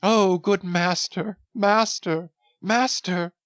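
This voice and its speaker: A woman's voice: mid-range voice, fairly even intonation, slow pace, no echo, natural voice. A woman voicing a devoted, half-mad young cabin boy, pleading and rambling feverishly. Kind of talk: dramatic audiobook reading.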